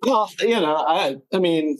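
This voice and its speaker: A man's voice: a little high, lively intonation, measured pace, no echo. A man co-hosting a book podcast, chatting casually in a rambling, wry way with lots of fillers. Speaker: podcast co-host.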